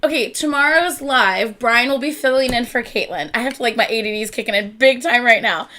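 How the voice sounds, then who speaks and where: A woman hosting a casual live stream, chatty and rambling, easily excited and quick to laugh. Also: a little high, slight background noise. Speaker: reaction channel host.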